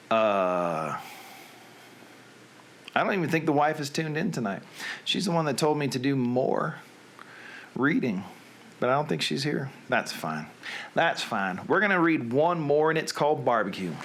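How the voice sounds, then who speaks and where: A man's voice: medium pitch, a bit bright, a little hiss or hum. Forties male host chatting live to viewers; loose, rambling storyteller who laughs at himself. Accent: Southern US, put on for the readings. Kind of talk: casual chat to a live audience.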